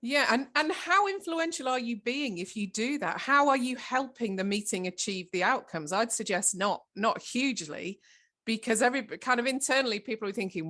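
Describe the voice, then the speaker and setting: A woman leading an online training workshop, giving clear and encouraging instructions. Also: fairly high pitch, animated, normal speed, pushed and bright. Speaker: workshop facilitator.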